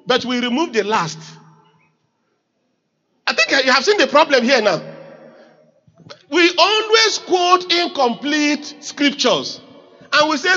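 A man's voice: very high-pitched, big pitch swings, measured pace, pushed and bright, husky, muffled recording. A man with a Nigerian accent preaching a sermon as pastor, emphatic and calling on the congregation to repeat lines back.

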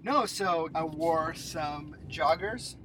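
A man's voice: a little high, slow pace. A man in his thirties telling a story in casual chat, acting out the people he quotes and laughing as he goes. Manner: animated, acts out quotes, laughs mid-story. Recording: noisy recording with traffic outside.

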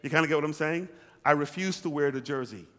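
A man's voice: a little high, quick pace, bright, forceful tone. Man preaching in an echoing church hall. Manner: preaching with call-and-response, repeating lines for emphasis. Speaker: pastor. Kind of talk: sermon.

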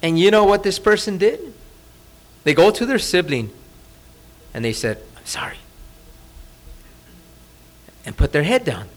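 Lively, high-voiced preaching pastor. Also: male voice, moderate pace, pauses often. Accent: Californian. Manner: conversational, asks the audience rhetorical questions; drops to a soft, hushed voice for emphasis. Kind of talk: sermon. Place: church.

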